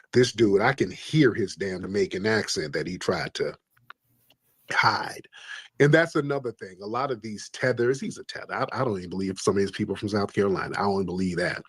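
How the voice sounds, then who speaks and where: Hosting a combative call-in livestream, a man with a low, slightly rough voice is preachy and emphatic, hammering the same points repeatedly. There's no echo on the recording.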